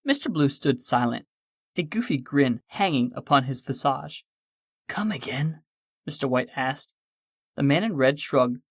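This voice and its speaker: A man narrating an audiobook in a measured, clear manner. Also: medium pitch, animated, no echo, studio quality. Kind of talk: scripted narration.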